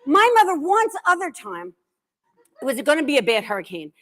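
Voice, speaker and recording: A lively woman in middle age holds forth as a guest author, joking at her own expense. Her slightly high voice swings up and down as she spins comic stories for a live audience. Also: brisk, a little hiss or hum. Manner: animated, joking, self-deprecating. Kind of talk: comic storytelling talk. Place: live library event.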